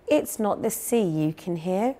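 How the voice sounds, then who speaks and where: A woman's voice: medium pitch, animated, unhurried, warm tone. A woman voicing a doubtful female schoolteacher in a children's story, dismissive and matter-of-fact.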